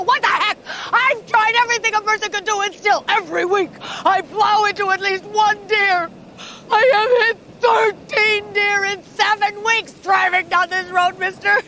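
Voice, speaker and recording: A woman's voice: very high voice, fairly even intonation, moderate pace, background noise. An actress playing a distraught woman driver who is exasperated and close to tears. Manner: exasperated, tearful outpouring. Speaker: film character. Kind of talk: film drama acting.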